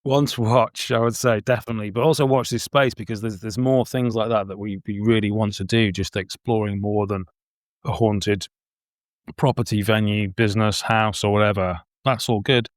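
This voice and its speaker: A man's voice: on the low side, steady tone, moderate pace, no echo, clean studio sound. A man, a filmmaker and paranormal investigator, chatting as an interview guest, rambling with many ums and repeated words. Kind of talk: casual interview chat.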